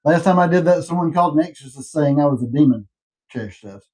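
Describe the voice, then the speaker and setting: A man's voice: fairly high pitch, expressive, fast talker, a little mellow, rough recording. A man hosting a casual show, chatting and reading viewer comments aloud, laughing easily. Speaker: host.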